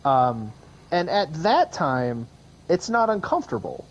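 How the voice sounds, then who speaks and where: A man's voice: a little high, very animated, a little slow, highs cut off. Rambling man in his thirties. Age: 30s. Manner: rambling, lots of fillers and restarts. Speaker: podcast co-host. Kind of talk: casual chat.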